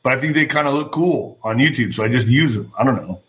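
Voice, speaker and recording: A man hosting his own political commentary vlog, talking in an animated, profane way and gesturing with his hands as he goes. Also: mid-range voice, fast. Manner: former boxer. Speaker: show host.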